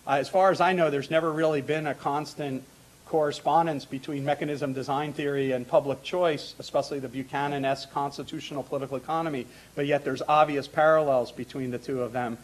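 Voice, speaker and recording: A man's voice: on the high side, fairly even intonation, fast, poor audio. Rambling male conference moderator. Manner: rambling, many fillers and restarts. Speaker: academic moderator. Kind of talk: introductory remarks at a conference.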